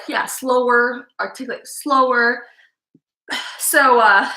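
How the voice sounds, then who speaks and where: A woman from Chicago hosting a live psychic stream, talking fast with intense energy. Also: sits high, sharp tone, reverberant, low-quality recording. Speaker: psychic livestream host. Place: live-stream setup, indoors.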